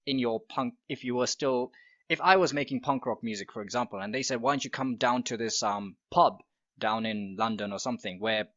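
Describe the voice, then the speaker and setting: A man's voice: mid-range voice, a little fast, fairly bright tone. A man hosting a podcast, asking long questions that he rephrases as he goes. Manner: rambling, rephrases his questions. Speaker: podcast host. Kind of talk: interview questions. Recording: lo-fi muffled audio, distant from mic.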